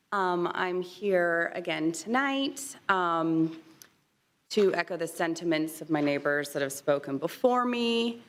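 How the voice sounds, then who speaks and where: A woman in her thirties, a resident, pleading sincerely but hesitantly, with many ums, at a podium microphone in a city commission chamber. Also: on the low side. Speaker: resident speaking at public comment. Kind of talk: public comment at a city meeting.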